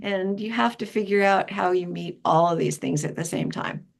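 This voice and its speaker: An older woman with a creaky voice speaks at a moderate pace as the guest in a conversational interview; she's a retired founding director. An animated storyteller, she imitates the people she quotes, jumping in pitch for their lines.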